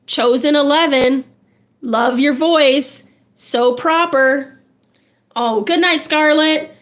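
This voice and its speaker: High, slow-talking woman livestreamer. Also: a bit bright. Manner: encouraging, chatty, greets viewers by name. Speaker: livestream host. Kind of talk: casual livestream chat.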